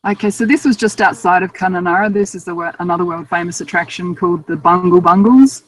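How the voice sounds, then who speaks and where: A woman's voice: lowish voice, brisk, rough recording. Chatty Australian woman telling travel stories. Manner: chatty, self-amused, often laughing. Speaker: guest author. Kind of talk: casual interview storytelling.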